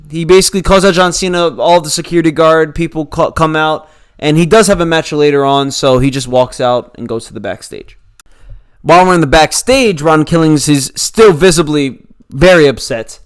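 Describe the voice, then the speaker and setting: A man's voice: on the high side, a bit bright, clear, resonant tone. A man casually recapping a wrestling show, opinionated and rambling, with lots of fillers.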